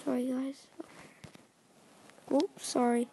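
High, gravelly woman softly narrating gameplay. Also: level tone, slow, a little hiss or hum. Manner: drops into soft whispers, stumbles over names. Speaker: gaming video creator. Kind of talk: casual commentary over gameplay.

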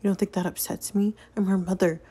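A woman's voice: medium pitch, level tone, brisk, dark tone, slightly rough, lightly acted. A woman voicing a stern, defensive middle-aged mother in a story game, speaking in a cool, probing way.

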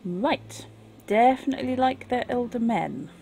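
Slow-talking wry woman streamer. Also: a little high, animated, gravelly, warm tone, faint music behind. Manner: wry and chatty. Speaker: game streamer. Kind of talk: casual live game commentary.

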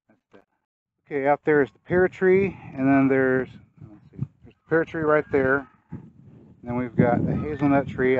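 A man of middling pitch hosts a casual outdoor gardening vlog, still a bit out of breath. He talks in a folksy way and thinks aloud as he plans spots in the yard. The recording sounds a little muffled, with faint noise behind him. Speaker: gardening channel host.

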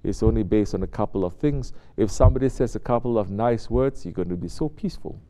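A man preaching to his congregation in a relaxed, conversational way. His voice sits fairly low with a dark, mellow tone. He keeps asking his listeners pointed rhetorical questions. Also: fast talker. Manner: conversational, asks rhetorical questions and acts out quotes. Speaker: Sufi sheikh. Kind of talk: spiritual sermon to a congregation.

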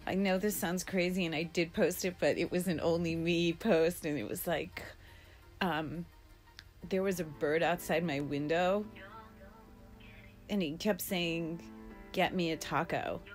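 A woman's voice: on the low side, fairly even intonation, unhurried, long pauses, soft background music. A middle-aged woman vlogging a casual video diary at home during quarantine, rambling and frank, swearing freely and coughing now and then.

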